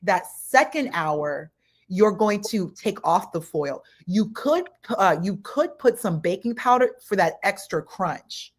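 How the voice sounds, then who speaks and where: A woman's voice: medium pitch, lively intonation, slow. A woman co-host in a casual chat, giving cooking tips and explaining each step in turn.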